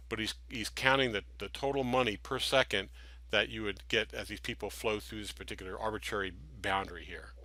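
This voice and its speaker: A man gives a slide lecture on basic circuits. His voice is bright and forward, and the recording is dry with little room sound. He explains patiently through everyday analogies, often restarting his phrases. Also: medium pitch, dry recording. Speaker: instructor.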